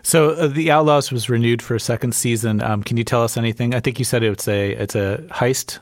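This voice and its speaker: A man interviewing a guest on a radio show, asking slow, measured questions. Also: mid-range voice, fairly even intonation, no echo, studio quality.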